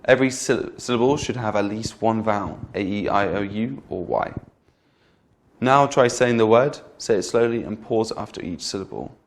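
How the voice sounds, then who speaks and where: Man teaching English pronunciation slowly. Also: lowish voice, animated. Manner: models words slowly with exaggerated stress. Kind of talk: slow, clear teaching delivery.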